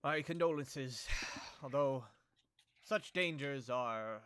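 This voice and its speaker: Man playing a frail, gracious old tower mage, formal and courtly, a touch higher than his own voice. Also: slow, a bit bright, smooth, dry recording.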